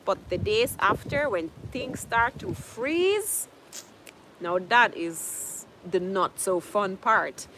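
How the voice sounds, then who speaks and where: Chatty woman doing a livestream, talks slow, laughs a lot, faint room hum behind. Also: mid-range voice, expressive, fairly bright tone. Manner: chatty, laughs often, switches into French with viewers. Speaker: livestream host. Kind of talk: casual livestream chat reading viewer comments. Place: home in Jamaica.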